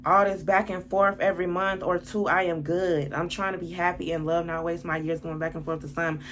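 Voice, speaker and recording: A woman's voice: on the low side, flat delivery, fairly quick, a bit bright. Blunt, exasperated woman vlogger. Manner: blunt, exasperated, heavy swearing, slangy. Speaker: lifestyle vlogger. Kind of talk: storytime vlog, reading out text messages.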